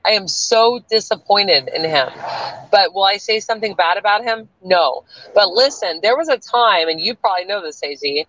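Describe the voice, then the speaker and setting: As a guest on a livestream, a woman from the US South with a Canadian-tinged accent chats bluntly, defiantly, and with plenty of swearing. Her mid-range voice is expressive and a bit bright, at a moderate pace, though the audio sounds dull.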